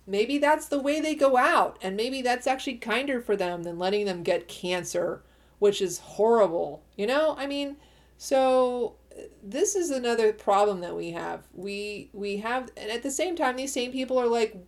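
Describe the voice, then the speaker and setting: A middle-aged woman hosting her own podcast, talking through her views in a chatty, opinionated way, often restarting sentences and laughing at herself. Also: on the high side. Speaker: podcast host. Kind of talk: casual solo podcast monologue.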